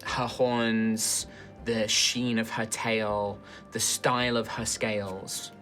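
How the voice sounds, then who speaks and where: Game master, woman, extremely low voice, hesitant narration. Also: level tone, slow pace, fairly bright tone, soft background music. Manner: loose, hesitant, lots of ums.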